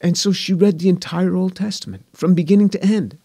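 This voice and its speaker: A man in his sixties tells his story earnestly, often repeating himself and dropping to a hushed voice. His voice is gravelly and husky, a little higher than most men's. It is recorded close and dry. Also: fairly even intonation, fairly quick, no echo. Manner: earnest, repeats phrases, soft and hushed when moved. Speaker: guest, scientist. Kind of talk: earnest personal testimony in conversation.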